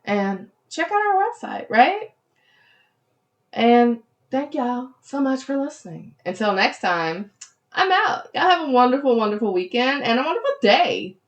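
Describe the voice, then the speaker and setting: A woman's voice: fairly high pitch, unhurried. A woman with a Southern Louisiana accent hosting a podcast, talking casually and with animation, and saying "y'all" often. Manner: chatty, animated, heavy use of "y'all". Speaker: podcast host.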